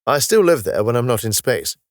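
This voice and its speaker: A man voicing a calm, knowledgeable male space officer from the far future who patiently explains his world with a wry touch. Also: medium pitch, a little fast, dry recording, studio quality, close to an everyday voice. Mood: explaining.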